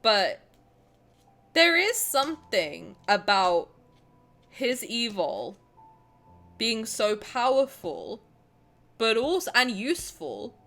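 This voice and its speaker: A woman's voice: fairly high pitch, fairly bright tone. A woman in her twenties, chatting casually on a stream, rambling with restarts and laughter. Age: 20s. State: out of breath. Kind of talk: casual stream chat reading comments.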